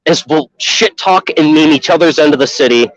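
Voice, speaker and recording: The voice is fairly high and fairly quick: a Chicago man live streaming from an outdoor festival through his phone, chatting casually with profanity and frequent laughs. The lo-fi phone audio is dull, with no room sound.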